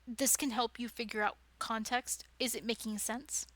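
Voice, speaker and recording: Bright, chatty woman teaching writing. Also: fairly high pitch, steady tone, normal speed. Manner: chatty, digressive, enthusiastic. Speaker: writing workshop presenter. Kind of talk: informal lecture.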